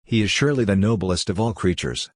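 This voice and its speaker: A man's voice: on the low side, quick pace, no room sound, studio quality, natural voice. A man reading as a courteous Pooka spirit. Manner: courteous, polite, soothing. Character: courteous long-nailed male Pooka spirit.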